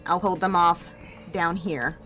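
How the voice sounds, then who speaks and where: A woman's voice: lowish voice, fairly even intonation, a little slow, fairly bright tone, faint music behind. A woman reading a first-person audio drama script aloud, stumbling and correcting herself with laughing asides.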